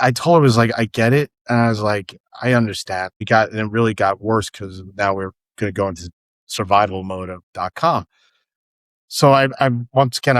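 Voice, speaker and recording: A man in his fifties who founded a startup rambles through stories on a casual podcast, repeatedly restarting sentences and repeating words. His voice is lowish, and there's no room sound.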